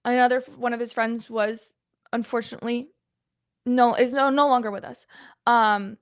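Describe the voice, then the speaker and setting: A young woman in her twenties talks to her livestream audience in a high voice. She speaks earnestly, repeating points for emphasis, and sounds close to tears. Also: steady tone, normal speed. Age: 20s. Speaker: guest host of a livestream. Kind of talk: livestream open forum.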